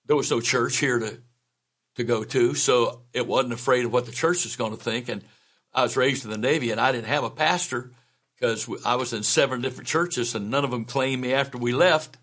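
A man's voice: medium pitch, fairly bright tone. A man in his seventies from the United States, preaching a sermon as a bishop and telling plain, folksy stories from his own life. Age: 70s. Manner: folksy personal storytelling, unhurried.

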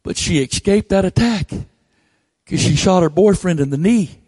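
A man's voice: lively intonation, measured pace, darkish tone, husky, dry recording, studio quality. A male preacher, delivering a blunt, folksy sermon with teasing asides into a handheld microphone. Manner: folksy, blunt, teasing, drops to low mocking tones.

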